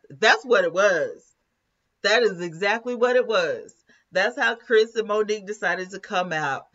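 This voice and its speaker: A woman's voice: mid-range voice, animated, a little slow, a bit bright, muffled recording. A woman hosting a live commentary stream, chatting casually, laughing often and reading viewer comments aloud.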